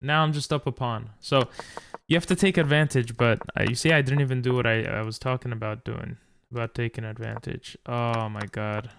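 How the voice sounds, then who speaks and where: A man's voice: medium pitch, fairly even intonation, fairly quick, creaky, hardly any pauses, fairly bright tone, clear, resonant tone. A tired, frustrated man commentating his own chess game, thinking aloud and talking to viewers. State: tired from little sleep. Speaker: chess streamer.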